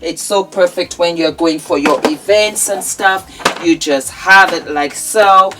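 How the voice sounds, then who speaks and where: A woman's voice: fairly low pitch, unhurried, noisy background. A woman hosting her channel, casually promoting products in a gushing, affectionate way and calling viewers darling. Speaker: vlog host.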